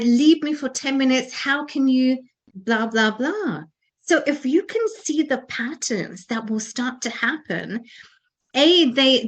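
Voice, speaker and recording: A woman's voice: on the high side, dull audio. A woman co-hosting a talk show, giving an earnest motivational talk with frequent restarts and fillers. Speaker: podcast co-host.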